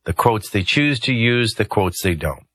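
A man's voice: lowish voice, expressive, moderate pace, a bit bright, husky, no echo. A man hosting a talk radio show, commenting conversationally with rambling asides and hesitations into a studio microphone.

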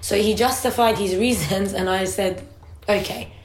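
A woman's voice: mid-range voice, fairly even intonation, normal speed. A woman in casual podcast chat, telling a parenting story at length and second-guessing herself as she goes. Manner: chatty, self-questioning storyteller. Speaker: parent sharing experience. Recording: roomy echo.

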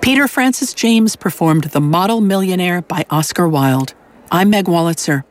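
Brief: female radio host, measured scripted delivery. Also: on the low side, lively intonation, a crowd in the background, background noise.

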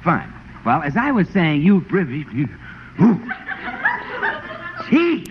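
Brash man with a high, animated voice. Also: unhurried. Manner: brash, boastful and theatrical. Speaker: announcer. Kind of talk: 1940s radio comedy acting. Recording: hissy lo-fi old radio broadcast.

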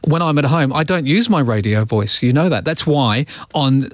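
A radio host chats casually on air, joking around and poking fun at himself. His medium-pitched voice has lively intonation and a moderate pace. It's studio quality from a studio microphone, with no room sound.

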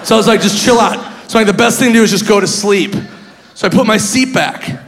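Male stand-up comic, high voice, gravelly, brash, live hall with crowd and background noise. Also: fast talker. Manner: brash, laughing at his own jokes. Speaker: stand-up comedian. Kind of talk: stand-up storytelling. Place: comedy club stage.

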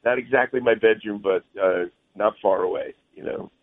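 Heard through a phone line, a guest musician speaks in a fairly low voice at a moderate pace. He rambles in a friendly way during the interview and keeps saying "man."

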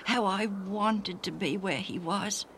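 A woman's voice: mid-range voice, slight background noise, pitched above the performer's own voice. Woman doing a kindly, earnest older man. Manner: slow, earnest, gently chuckling. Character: kindly, cheerful man, healed and grateful. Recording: music playing underneath.

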